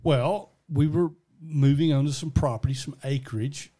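A man's voice: on the high side, measured pace, dark tone. Man, podcast co-host, casual chat, rambling with restarts. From American South. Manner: rambling storyteller with many restarts.

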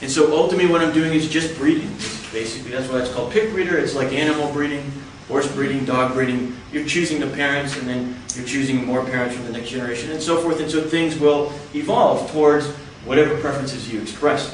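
A man explains a topic to an audience in a measured, step-by-step lecture. His voice rings through a large hall with heavy echo. He sounds a little distant from the microphone, with faint background noise. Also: mid-range voice, fairly even intonation. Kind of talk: explanatory talk. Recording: echoey hall, from far off.

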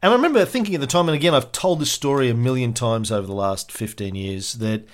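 A man's voice: medium pitch, expressive, fast. Man, podcast host, rambling, casual chat, storytelling.

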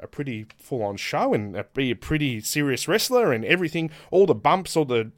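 A man's voice: fairly high pitch, lively intonation, fairly quick, few pauses. A man, a pro wrestler, telling stories on a casual podcast, laughing often and acting out quotes in different voices.

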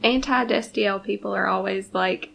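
A woman's voice: mid-range voice, normal speed, vocal fry, fairly bright tone. A young woman co-hosting a fan podcast, chatting casually and arguing her points with emphasis. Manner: emphatic, swears, argues a point. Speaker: podcast co-host.

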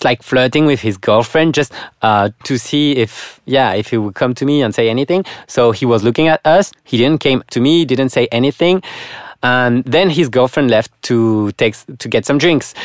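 A man's voice: mid-range voice, smooth, no echo. Guy telling a story, lots of uhs, not english, dry sound. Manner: halting, many uh fillers, laughs often. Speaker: podcast guest. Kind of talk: casual storytelling.

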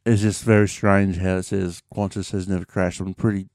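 An Australian man talks casually on his own show, rambling and restarting, with plenty of fillers and the occasional swear. His voice sits low and comes through smooth and clean. The sound is close and dry, with no room around it. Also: little pitch movement, moderate pace, a little mellow, no echo. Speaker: podcast host. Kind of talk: casual solo chat.

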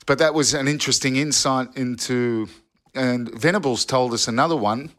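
Storytelling former footballer, rambling. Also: male voice, mid-range voice, moderate pace, fairly bright tone. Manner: rambling storyteller with restarts and "you know". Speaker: football pundit, former player. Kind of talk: casual podcast chat, telling yarns.

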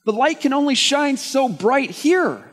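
A male pastor preaching a sermon to his congregation, lively and conversational. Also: very high-pitched, unhurried. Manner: animated preaching, dropping to a soft prayer voice. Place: church service, room of listeners. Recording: long hall reverb, faint music.

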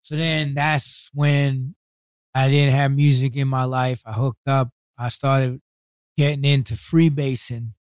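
A man's voice: mid-range voice, little pitch movement, a little mellow, clear, resonant tone, dry recording. A man with a New York accent, a guest telling stories from his past in a casual interview. He swears heavily and talks bluntly, acting out what other people said. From New York City. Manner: heavy swearing, blunt street talk; acts out others' words in quick retellings.

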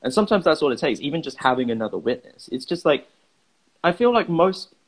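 A man's voice: on the high side, sing-song, fast, poor audio. A man co-hosting a podcast who muses about ideas in thoughtful casual chat, hedging often with "like" and "I think". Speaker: podcast co-host.

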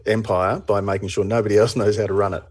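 A man's voice: lowish voice, level tone, quick pace, a little mellow. A man hosting a beer news podcast, chatting casually and teasing his co-host, with frequent restarts and laughs. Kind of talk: casual podcast chat and read sponsor ad.

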